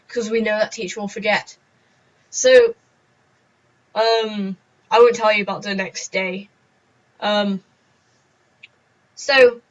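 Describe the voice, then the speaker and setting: A teenage girl telling a story in a chatty vlog, acting out the people she quotes. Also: medium pitch. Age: teens. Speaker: vlogger. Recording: dull lo-fi recording.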